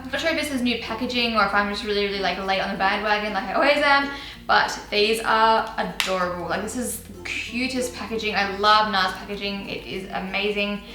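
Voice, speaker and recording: A woman's voice: medium pitch, fairly quick, pushed and bright, echoey room, faint music behind, low-quality recording. A young woman chatting casually and giggling as she shows and tries out makeup on her channel. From Australia. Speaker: beauty vlogger. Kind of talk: casual chat.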